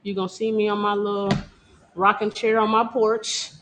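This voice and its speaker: A woman's voice: mid-range voice, little pitch movement, normal speed, a bit bright, slight background noise. Casual talk from a woman dancer, cocky and blunt, swears a lot, laughs a lot. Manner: blunt, profane, boastful, laughs often. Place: Detroit.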